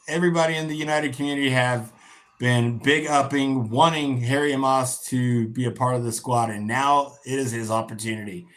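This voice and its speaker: A man's voice: mid-range voice, normal speed. A tired man hosting a casual football watch-along livestream, calling the play, swearing freely and chanting. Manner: swears freely, bursts into shouting on goals. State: tired, yawning. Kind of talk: casual live match commentary.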